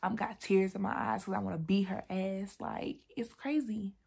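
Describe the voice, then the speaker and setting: A young adult woman telling a casual storytime vlog from her desk at home, animated and slangy, laughing often. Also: medium pitch, normal speed, creaky, breathy edge. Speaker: vlogger.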